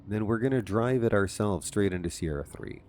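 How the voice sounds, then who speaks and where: Low-voiced man chatting through a game. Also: animated, brisk, darkish tone, slight background noise. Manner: rambling, self-amused, chatty asides. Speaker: gaming channel host. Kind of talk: casual let's-play commentary.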